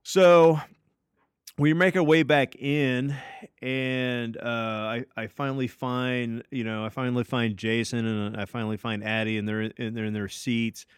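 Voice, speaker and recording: A man's voice: medium pitch, fairly even intonation, a little slow, clean tone, no echo, studio quality. A man casually telling a long story on a podcast, swearing freely and filling gaps with "uh" and "like". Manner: loose and profane, full of fillers and restarts. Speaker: podcast co-host.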